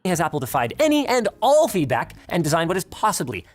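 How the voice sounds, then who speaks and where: A woman's voice: on the low side, very animated, quick pace. A woman presenting a scripted tech review, complaining emphatically with a sarcastic edge.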